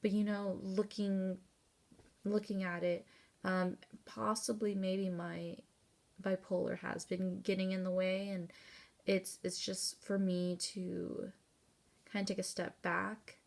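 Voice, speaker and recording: A woman's voice: medium pitch, flat delivery, slow, gravelly, darkish tone. A woman in her thirties talking candidly in a personal vlog, rambling with fillers and the odd swear word, tearful and close to crying at times. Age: 30s. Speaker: vlogger.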